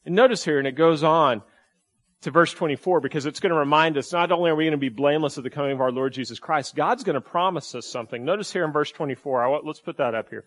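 A pastor with a fairly high voice preaches to his congregation. He keeps it conversational and throws out rhetorical questions, often repeating and restarting phrases as he goes. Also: fairly bright tone. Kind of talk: sermon.

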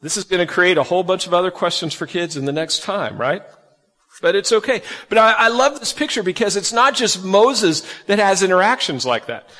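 A man preaching a sermon to kids and families, folksy and animated, acting out the quotes he reads. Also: high-pitched, fairly quick, big-room sound. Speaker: pastor.

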